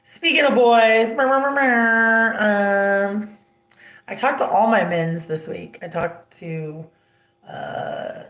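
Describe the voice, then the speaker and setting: A woman's voice: mid-range voice, slow, reverberant. A young woman hosting a casual livestream, telling family stories bluntly, with heavy swearing and many "like" fillers. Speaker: livestream host.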